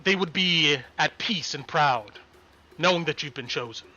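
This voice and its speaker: Game master doing a grave older farmer, soft-spoken and hesitant, dull lo-fi audio. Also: male voice, a little high, measured pace, soft background music, exaggerated voice. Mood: solemn, sad.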